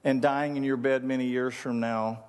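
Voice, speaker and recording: A man's voice: mid-range voice, flat delivery, moderate pace, a little mellow, clean tone, lightly acted. A male preacher acting out a defiant medieval warrior leader giving a stirring speech to his army. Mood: rousing. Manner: declaiming, stirring rally speech. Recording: long reverb of a large hall.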